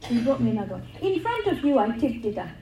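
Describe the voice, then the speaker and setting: A woman's voice: on the high side, very animated, fast talker, dark tone, reverberant, poor audio. A middle-aged woman giving an earnest religious talk, telling stories and repeating words for emphasis. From England. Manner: earnest storytelling with emphatic repetition. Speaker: religious speaker.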